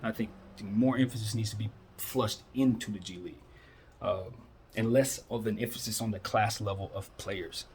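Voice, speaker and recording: A man's voice: on the low side, normal speed, a little mellow, slight background noise. A man in his thirties hosting a solo basketball talk show, giving casual, opinionated commentary full of rhetorical questions. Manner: repeats "that's how I'm looking at it" and "man".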